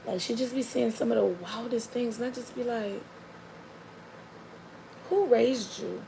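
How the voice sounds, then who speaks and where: A young woman chats to the camera about her child in a loose, rambling way. Her voice has a gravelly edge. There is a faint hiss behind her, and she often drops into a low, soft murmur. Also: a little fast. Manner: rambling and animated, with many likes and restarts. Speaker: mother telling a story about her daughter. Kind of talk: casual storytelling to the camera.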